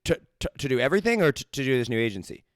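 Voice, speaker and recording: A young man hosting a podcast, telling stories in a casual, animated way and acting out quoted dialogue. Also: mid-range voice, racing, no echo, studio quality. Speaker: podcast host. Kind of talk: casual interview chat.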